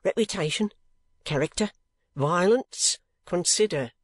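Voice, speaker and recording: A man's voice: high-pitched, a little slow, no echo, pitched above the performer's own voice. A man reading an audiobook, voicing a flustered, loyal older male friend who speaks in jerky, urgent bursts and is out of breath.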